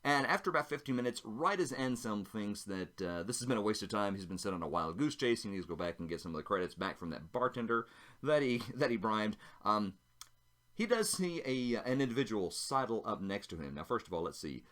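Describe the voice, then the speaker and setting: A man's voice: lowish voice, big pitch swings, brisk, fairly bright tone. A man narrating a solo tabletop role-playing game, chatting casually and thinking aloud as he rolls dice.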